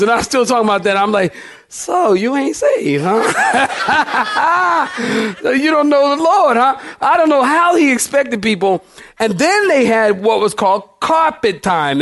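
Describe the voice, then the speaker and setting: A man's voice: high-pitched, a bit bright. A man in his fifties, a pastor telling a funny story in a sermon, folksy and laughing often.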